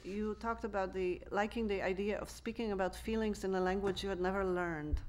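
A woman's voice: medium pitch, steady tone, fairly quick. A woman moderating a public reading asks the author a careful, articulate question.

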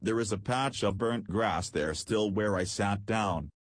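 Male audiobook reader, husky, measured storytelling, dry close sound. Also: lowish voice, no echo. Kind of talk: scripted narration.

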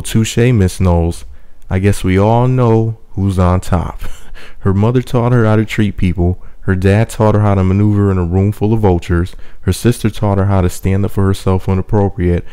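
A man reviewing a song for his channel in a casual, opinionated way, reading lyric quotes slowly and weighing each point. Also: deep voice, dark tone, clean tone. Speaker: music reviewer, channel host.

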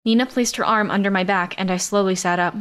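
A woman narrating a science-fiction romance in first person, with a steady, even storytelling read. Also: mid-range voice, quick pace. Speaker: audiobook narrator.

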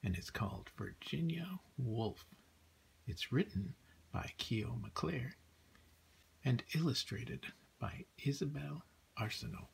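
A man in a Santa persona reading a children's picture book aloud, soft and often half-whispered. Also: mid-range voice, lively intonation, slow pace, creaky, a little hiss or hum. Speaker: storyteller playing Santa.

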